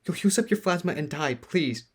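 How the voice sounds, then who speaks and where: A man voicing a desperate, grief-stricken young woman who cries out and pleads in a high, strained voice. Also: lively intonation, extremely slow, a little mellow, slightly rough, exaggerated voice. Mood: pleading.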